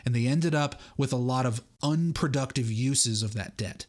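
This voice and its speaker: A man's voice: medium pitch, normal speed. A man hosting a livestream, giving analytical market commentary and reading book excerpts aloud with asides. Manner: analytical, explains and reads passages with asides. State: has the hiccups.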